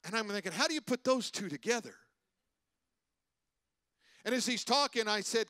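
A man pastor preaching a sermon, telling stories and swinging between loud preaching and hushed asides. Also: sits high, animated, brisk, pauses often, dry recording. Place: church sanctuary.

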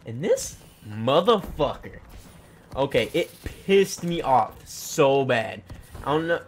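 A teenage boy telling an angry story to camera in a casual, profane rant, swinging from loud outbursts to low mutters. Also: slight background noise. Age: teens. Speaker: vlogger.

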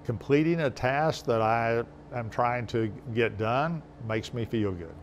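An older man from New Mexico, a university president, answering interview questions at home in a gentle, unhurried, folksy way. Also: mid-range voice, muffled recording, slight background noise. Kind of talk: casual interview. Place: home, indoors.

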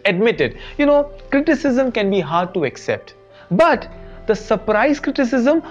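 A man hosting a motivational teaching talk about feedback. He speaks expressively and repeats his key points. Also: high-pitched. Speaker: host and teacher trainer. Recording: dull lo-fi recording with faint music.

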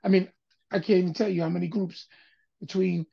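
A man's voice: sits high, fairly quick, vocal fry, lo-fi sound, crowd noise. An older man, a music producer and guest, telling stories in a casual interview and acting out other people's voices as he goes. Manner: animated storyteller, acts out quoted voices.

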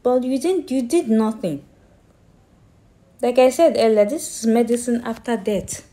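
Slow, halting woman. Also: a little high, warm tone. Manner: halting, repeats words, pleading and accusing tone. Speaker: grieving daughter telling her story. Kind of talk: emotional personal account.

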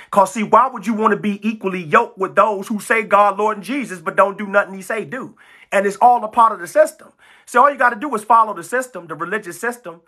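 A woman's voice: medium pitch, a bit bright, slightly rough. A woman preaching a fiery sermon, full of emphatic repetition and stammered restarts.

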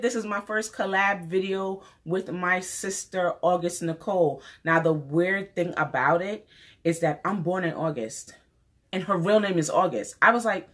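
A woman's voice: on the low side, normal speed. Chatty New woman vlogger. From New York. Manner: enthusiastic, chatty, repeats phrases for emphasis. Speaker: beauty vlogger. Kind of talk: casual wig review vlog.

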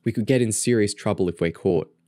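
A man's voice: lowish voice, fairly quick, mellow, dry recording, clean studio sound, lightly acted. A man voicing a bossy, determined teenage girl agent who talks in urgent, clipped commands. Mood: conspiratorial.

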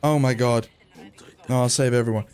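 A man's voice: medium pitch, steady tone, normal speed, darkish tone. A man giving casual gameplay commentary, chatty and self-mocking, swearing when frustrated. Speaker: gaming video creator.

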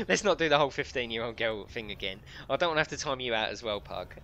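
A man's voice: mid-range voice, animated, quick pace, pushed and bright, muffled recording, slight background noise. A middle-aged man casually commentating a live game stream, chatting and joking with his viewers. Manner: jokey, chatty, reads out chat and laughs often.

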